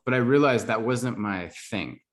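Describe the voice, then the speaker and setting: A man's voice: mid-range voice, moderate pace. A man telling his life story as a podcast guest, earnest and reflective, with lots of "like". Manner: earnest, reflective, full of fillers like "like". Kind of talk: casual storytelling interview.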